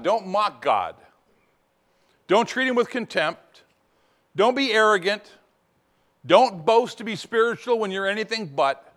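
A male pastor delivering a sermon in a fairly high voice that rises and falls with lively swings. He mixes playful asides with slow, deliberate emphasis on the key phrases.

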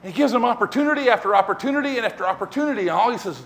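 A man preaching a sermon as pastor, telling the story in an animated way and acting out scenes. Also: high-pitched, rapid-fire.

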